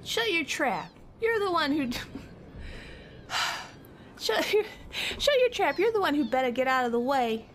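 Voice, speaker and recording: A woman voicing a hotheaded young female thief in a game, snapping her lines high and loud. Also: big pitch swings, measured pace, long pauses, slight background noise, exaggerated voice. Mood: defiant.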